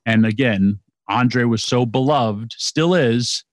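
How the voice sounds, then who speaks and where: A middle-aged man co-hosting a casual podcast, talking in an excitable, rambling way with quick restarts. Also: medium pitch, no echo. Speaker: podcast co-host. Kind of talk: casual wrestling chat.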